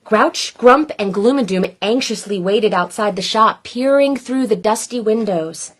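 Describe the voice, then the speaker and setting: A woman reading a children's picture book aloud in a playful, expressive way. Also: mid-range voice. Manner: playful, expressive, slow and deliberate. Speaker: storyteller.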